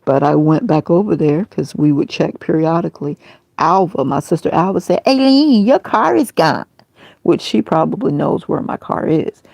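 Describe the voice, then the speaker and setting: A woman's voice: sits low, moderate pace, gravelly, a little mellow, no room sound. A woman talking on her own livestream in a rambling, aggrieved, emotional monologue. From Tampa, Florida area. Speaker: livestream host.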